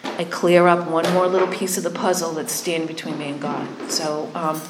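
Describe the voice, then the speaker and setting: A woman's voice: fairly low pitch, flat delivery, normal speed, noisy background. A woman telling her recovery story in a conversational way, candid and self-deprecating, often checking in with her listeners. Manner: conversational, keeps checking in with "right?". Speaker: speaker sharing a recovery story. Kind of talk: personal testimony talk. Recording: echoey room.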